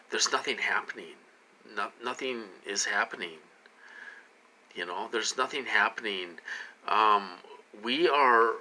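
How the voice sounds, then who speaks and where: A man's voice: on the low side, bright, forceful tone, rough recording. A man talking to camera in a casual vlog, rambling with many fillers and restarts, his voice rising and dropping with emphasis. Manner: rambling, halting, many fillers and repeated words. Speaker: vlogger.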